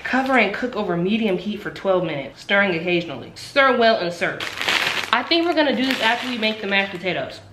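Here the young woman sounds a little fast, with lively intonation and a medium-pitched voice. It's a casual cooking vlog from her home kitchen, full of chatter, self-mockery and theatrical asides, recorded in an echoey, noisy room.

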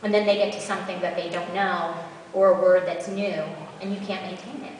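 A woman's voice: lowish voice, level tone, fairly quick, darkish tone, a little hiss or hum. A woman voice actor answering audience questions on a convention panel, chatty and practical. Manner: chatty, practical advice with asides. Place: large convention hall. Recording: echoey hall, far from mic.

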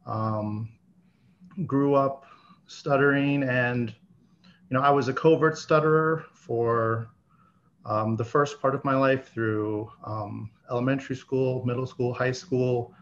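A man in his thirties who stutters, talking casually as an interview guest, with many pauses and fillers. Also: mid-range voice, fairly even intonation. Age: 30s. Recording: slightly dull audio with faint background hiss.

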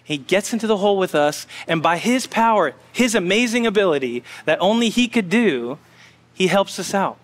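A male pastor preaches in a relaxed, story-telling way, tossing asides to the congregation. His high voice rings out through a long church reverb. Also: moderate pace. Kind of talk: sermon. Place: church sanctuary.

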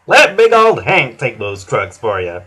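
A man voicing Hank, a big, friendly, boastful male engine, speaking loud and cheery. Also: medium pitch, huge pitch swings, measured pace, slightly rough, exaggerated voice. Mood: hearty.

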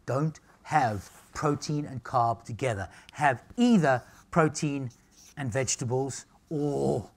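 A middle-aged man giving a live nutrition seminar, brash and jokey, checking in with "all right?" and "okay?" after his points. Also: fairly high pitch. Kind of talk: live seminar talk to an audience. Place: room with a live audience.

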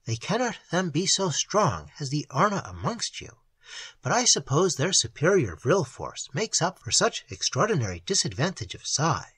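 A man voicing a curious, forward young woman of a tall winged race in a storybook reading, speaking softly and inquisitively with a slightly raised voice. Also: on the high side, wildly swooping pitch, normal speed, slightly rough, full character voice.

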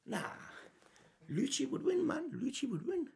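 A man reacting live to a comic chapter in a very high, gravelly voice. He talks excitably in slang and keeps bursting into shouts. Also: measured pace. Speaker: reaction video host. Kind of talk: live manga reaction and commentary.

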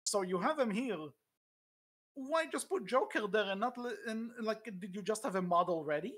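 A podcast co-host in casual chat, talking in halting bursts full of fillers and restarts. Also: mid-range voice, expressive, a bit bright.

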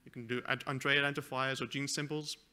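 A man giving a conference presentation, walking through a live software demo with a few fillers and self-corrections. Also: medium pitch, flat delivery, fast talker. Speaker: conference speaker. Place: conference hall.

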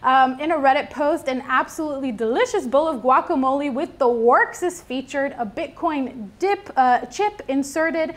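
A woman's voice: high voice, moderate pace, hardly any pauses. A young woman from New York co-hosting a casual news show, chatty and reading out comments. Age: young adult. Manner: chatty, reads out comments with filler ums. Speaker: news co-host.

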